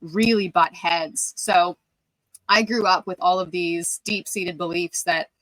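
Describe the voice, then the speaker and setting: A woman's voice: fairly low pitch, fairly even intonation, slow pace, a bit bright, no room sound, low-quality recording. A woman guest on a podcast, speaking earnestly and openly about her work as a wellness coach. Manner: earnest, heartfelt, open. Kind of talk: casual interview answers.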